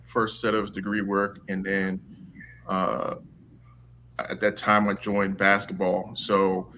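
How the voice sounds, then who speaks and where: A man telling stories as an interview guest in a casual, animated way, acting out the dialogue. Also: sits low, slow pace, slight background noise. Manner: animated, acts out dialogue with laughs. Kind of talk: casual storytelling.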